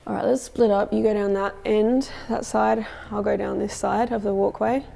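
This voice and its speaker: A woman's voice: mid-range voice, fairly even intonation, normal speed, creaky, warm tone. A young woman hosting a paranormal investigation, chatting casually and out of breath in an old prison cell block. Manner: chatty, peppers speech with "like". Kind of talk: casual on-location chat.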